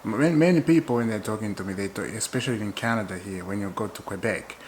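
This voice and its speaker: A man from Zambia, hosting his own football channel in an excitable, chatty way and laughing often. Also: fairly low pitch, fast talker, slight background noise, rough recording. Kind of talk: casual football chat to camera.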